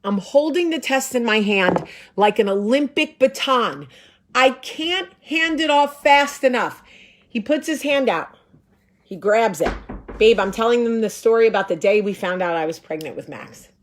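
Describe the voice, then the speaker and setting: A woman's voice: fairly high pitch, expressive, moderate pace, a little hiss or hum. A woman in her thirties hosting a show, telling a comic story in a dramatic, profane, emphatic way. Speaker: show host. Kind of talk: comedic storytelling.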